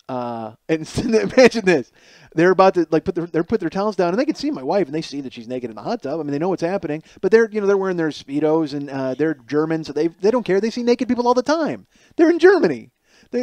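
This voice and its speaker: A man in his forties, hosting a podcast, telling a comic story in a rambling, animated way with many restarts and acted-out quotes. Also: fairly high pitch, fairly quick, dry recording. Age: 40s. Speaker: podcast host. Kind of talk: comedic storytelling monologue. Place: home kitchen.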